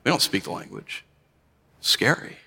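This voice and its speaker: A man preaching a sermon as pastor, telling stories and rising to animated emphasis. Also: measured pace, in a large hall.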